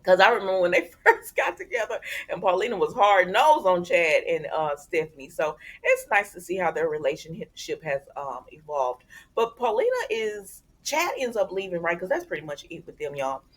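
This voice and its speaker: A woman's voice: fairly low pitch, big pitch swings, normal speed. A woman hosting a casual soap opera recap, chatting to her viewers and retelling each scene by acting out the characters' lines. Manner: chatty, conversational, addresses viewers as y'all.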